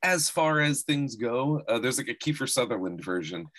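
A man's voice: mid-range voice, expressive, moderate pace, a bit bright. Male podcast host, conversational, reflective and enthusiastic. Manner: enthusiastic, reflective film talk. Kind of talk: casual interview.

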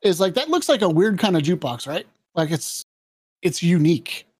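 A mid-pitched podcast co-host telling a movie scene by scene, laid-back and profane with frequent laughs. The voice is close and dry, with no room around it. The flow is easy and conversational. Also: big pitch swings, normal speed, husky, dry recording. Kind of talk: casual movie-review chat.

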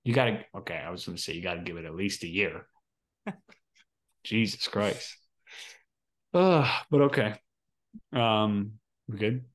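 A man's voice: lowish voice, a little slow, long pauses. A man co-hosting a casual podcast, reading trivia questions aloud and hesitating often with fillers. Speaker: podcast co-host.

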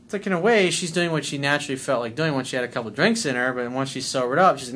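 A man's voice: mid-range voice, expressive, very fast, hardly any pauses, fairly bright tone. A man working as a dating coach, reading out a listener's email and commenting on it bluntly, with swearing, and acting out the quoted lines. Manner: blunt and profane; acts out quoted lines in a shifted voice.

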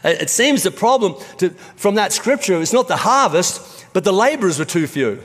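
Male pastor, middle-aged, high-ish voice, chatty storytelling sermon, echoing hall. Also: sing-song, normal speed. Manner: conversational storytelling preaching. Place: church auditorium. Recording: reverberant church hall.

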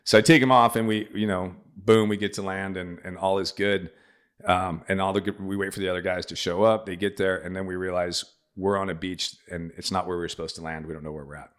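With a brisk voice that sits low, this middle-aged podcast guest spins a long anecdote in casual conversation, voicing other people's lines with animation.

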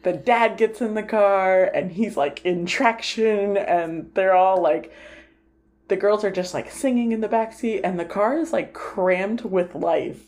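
A woman co-hosts a relaxed film podcast, and her voice sits at an ordinary mid pitch. She talks in loose, chatty runs full of "like" fillers as she retells scenes and slips into quick acted quotes. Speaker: podcast co-host. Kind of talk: casual film discussion.

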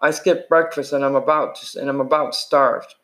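A rough-voiced teenage greaser, cocky and blunt, ribbing the younger boys, as a man reading the book puts him on. His voice sits at an ordinary middle pitch for a man but often jumps higher when he snaps a remark. It comes across as a gruff storybook voice rather than a full performance. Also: steady tone, moderate pace, a bit bright, natural voice. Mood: gruff teasing.

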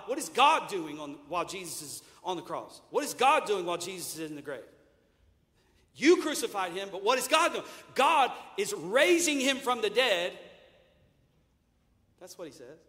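A man preaching a sermon emphatically, firing rhetorical questions and rising to shouts. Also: high voice, very animated, moderate pace, pauses often, in a large hall.

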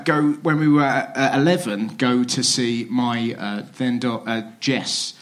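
A young man, a comedian guest telling profane stories before a live audience and acting out the voices in them. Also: on the high side. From England. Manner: quick, profane storytelling with acted-out voices. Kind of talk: comic podcast chat before a live audience. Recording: live room with noise and audience.

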